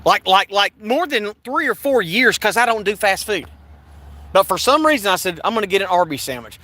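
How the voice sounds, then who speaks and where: A man's voice: high-pitched, expressive, fairly quick, sharp tone. A man angrily recounting a police stop, restarting and repeating himself as he acts out the exchanges. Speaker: video creator recounting an arrest. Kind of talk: angry first-person account. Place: in a vehicle.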